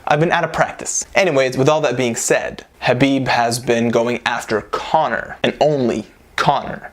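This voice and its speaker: A man's voice: mid-range voice, normal speed. Joking male vlog host. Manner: joking, animated, chuckling asides. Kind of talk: comedic commentary vlog.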